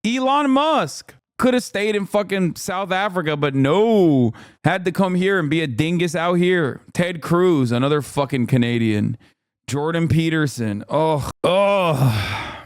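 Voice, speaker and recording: A man's voice: a little high, lively intonation, measured pace, clean tone, no echo, studio quality. A man streaming casual reaction commentary, profane and sardonic, laughing often.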